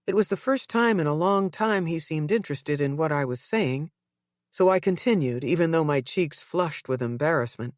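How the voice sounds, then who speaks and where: A woman narrating a psychological thriller audiobook in the first person, with tense, measured storytelling. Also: low-pitched, expressive, no echo, clean studio sound.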